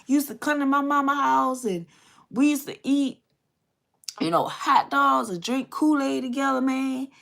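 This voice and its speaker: A woman's voice: a little high, steady tone, normal speed, lightly acted. A woman voicing an adult man who is pleading with his old friend and keeps repeating "man". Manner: earnest, repeats "man" a lot.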